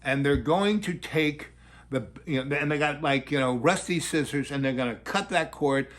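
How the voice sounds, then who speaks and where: A man's voice: fairly high pitch, moderate pace, fairly bright tone. An older man telling a long, digressive anecdote in a loose, casual way, breaking into voices for the people in it. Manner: loose, digressive, acts out quotes. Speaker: storyteller.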